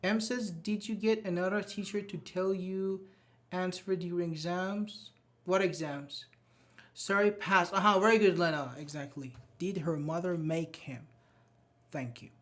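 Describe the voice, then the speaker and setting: A man's voice: sits high, a little slow, a bit bright. A man teaching a live online English grammar class, patiently reading out students' chat answers and praising them.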